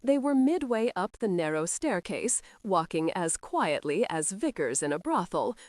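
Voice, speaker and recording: A woman narrating a historical romance audiobook in an expressive reading style. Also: medium pitch, unhurried, no room sound, studio quality. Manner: lively, character-voicing reading.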